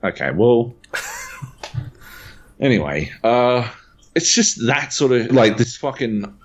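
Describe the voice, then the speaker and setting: A man's voice: mid-range voice, huge pitch swings, slow pace. A man co-hosting a games podcast as a critic, ranting in an exasperated, profane way in casual chat. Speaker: podcast co-host, game critic.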